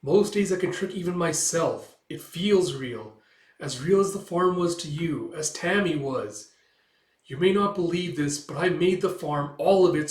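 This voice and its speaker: A man doing a distraught witch woman, pushed high above his own register, pleading in a strained, raised voice. The reading is caught in an echoey room. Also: distant mic, natural voice. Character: anguished female witch hero, clinging to an illusion family.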